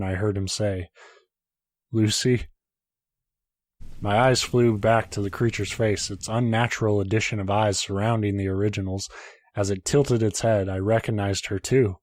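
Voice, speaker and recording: A man's voice: on the low side, a little mellow, no room sound. A man, a podcast host, reading a horror story aloud in a casual way, now and then breaking off to joke and swear.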